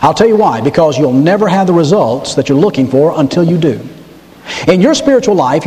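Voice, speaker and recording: High-voiced pastor preaching with long reverb. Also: male voice, big pitch swings, normal speed, dark tone. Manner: emphatic, repeating key words for stress. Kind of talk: sermon.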